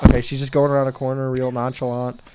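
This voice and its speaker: A man's voice: mid-range voice, completely flat delivery, quick pace, heavy background noise. A young man hosting a podcast, rambling and swearing as he tells a story in casual chat. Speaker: podcast host.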